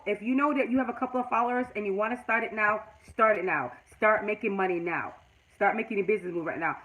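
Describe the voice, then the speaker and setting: A woman's voice: medium pitch, a bit bright, rough recording. A middle-aged woman with a Jamaican accent hosting a live stream, giving casual, emphatic advice and chatting with viewers. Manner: emphatic, repeats herself, chats to viewers.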